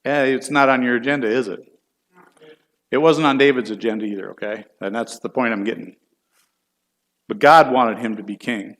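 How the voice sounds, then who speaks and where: A middle-aged church elder teaches a Bible class in a folksy, chatty manner, putting questions to the class. His medium-pitched voice is fairly bright in tone and moves fairly quickly.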